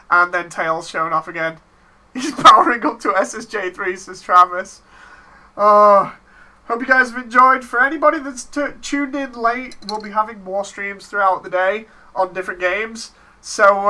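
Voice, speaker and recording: A woman streaming a game, chatting casually with her viewers and reading their chat messages out loud. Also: a little high. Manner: reads chat messages aloud, chatty and laughing. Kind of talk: casual gameplay stream commentary. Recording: faint game music behind.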